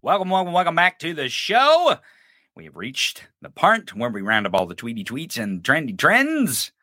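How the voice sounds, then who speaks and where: Male podcast host, profane and mocking; bright tone, dry close sound. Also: on the high side, normal speed, dry recording. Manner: animated, swearing, mocking. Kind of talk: profane political commentary.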